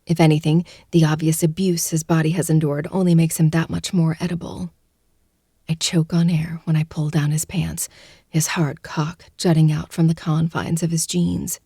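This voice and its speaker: Woman narrating in a low, gravelly hush. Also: little pitch movement, moderate pace, dry recording, studio quality. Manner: hushed, breathy, intimate delivery that often drops to a whisper. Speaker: audiobook narrator. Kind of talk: first-person audiobook narration.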